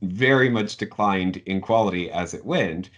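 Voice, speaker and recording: Low-voiced man stumbling through a film chat. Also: normal speed, lo-fi sound, soft background music. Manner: hesitant, stumbling, laughs between words. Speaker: film review podcast co-host. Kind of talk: casual review chat.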